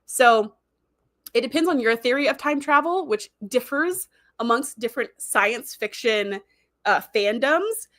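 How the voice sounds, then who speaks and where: A woman's voice: a little high, sharp tone. A woman hosting a casual livestream, chatting in a rambling way and reading viewer comments aloud. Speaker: livestream host.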